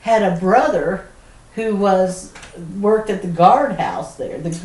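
A woman's voice: mid-range voice, slow. Middle-aged Southern woman, chatty podcast co-host, laughs through her tales, roomy room, mic set back. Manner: animated storyteller, laughs often mid-sentence. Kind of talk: casual storytelling chat. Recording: roomy sound from a distant mic.

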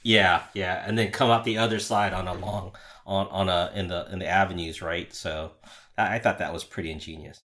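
A man's voice: deep voice, steady tone, moderate pace, fairly bright tone, a little hiss or hum. A man co-hosting a podcast in casual chat, musing aloud with emphatic asides. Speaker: podcast co-host.

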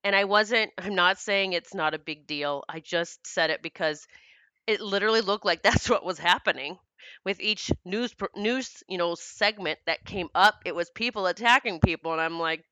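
A woman talks through a spiritual monologue in an earnest, rambling way, often laughing and dropping the odd swear word. Her voice is bright and crisp, recorded dry and close with no room sound. The sound is a little dull, like a modest home setup. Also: mid-range voice, normal speed, no echo. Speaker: spiritual podcast host.

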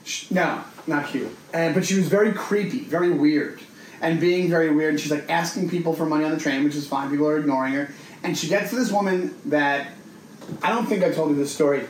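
A man co-hosting a casual podcast, telling a long story in an animated way and acting out the voices of the people in it. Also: fairly high pitch, fairly quick. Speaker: podcast co-host. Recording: echoey room with faint noise.

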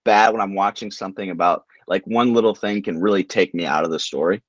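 A man with a somewhat low voice talks casually on a podcast, looping back on himself with restarts and fillers. He is recorded close and dry, with no room sound. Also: fast talker, no room sound, dull audio. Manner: loose, rambling, many restarts and "like" fillers. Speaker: podcast co-host. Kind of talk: casual chat.

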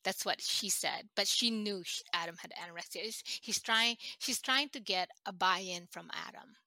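A middle-aged woman recounting a painful family story in an interview, halting and emotional with many restarts. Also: medium pitch, sharp tone, dry recording. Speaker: guest.

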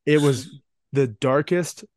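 A man's voice: a little high, slow pace, darkish tone, no echo, clean studio sound. A man, co-hosting a podcast in casual chat and telling rambling, profane stories. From Canada. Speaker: podcast co-host.

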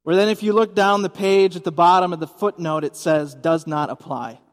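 High-voiced pastor preaching in a gym. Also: male voice, a little fast, long reverb tail. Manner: conversational, asks the audience questions. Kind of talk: sermon. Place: church service in a gymnasium.

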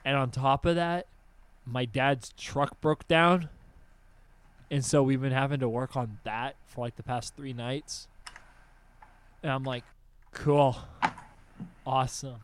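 A young adult man hosting a casual podcast chat, telling animated stories and swearing freely. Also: medium pitch, unhurried, pauses often, clean tone. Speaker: podcast host.

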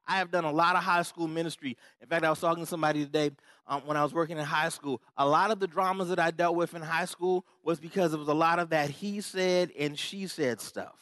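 High-voiced man preaching a sermon. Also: a bit bright, no room sound. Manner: conversational preaching with audience check-ins; repetitive, emphatic phrasing. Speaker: pastor.

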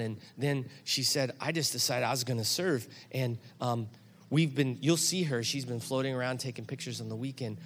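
A middle-aged man pastor preaching a sermon, telling a story that builds to loud, animated peaks. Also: medium pitch.

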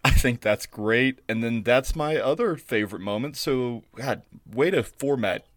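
A man co-hosting a podcast, rambling and profane, getting animated when he retells stories. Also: mid-range voice, a little slow, no room sound. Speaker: podcast co-host. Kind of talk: casual chat.

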